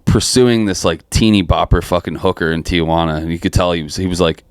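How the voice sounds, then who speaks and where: A man's voice: low voice, steady tone, brisk, smooth, dry recording, studio quality. A man with a South Jersey accent co-hosting a podcast, talking in loose, crude banter and laughing often. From New Jersey. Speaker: podcast co-host.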